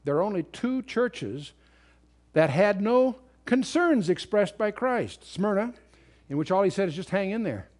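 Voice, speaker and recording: A man's voice: sits high, lively intonation, unhurried, a little mellow. A man giving an unscripted Bible commentary lecture, reading old King James verses aloud and explaining them emphatically, with restarts and fillers. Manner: reads scripture aloud in King James wording. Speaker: Bible teacher. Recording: remastered lecture recording.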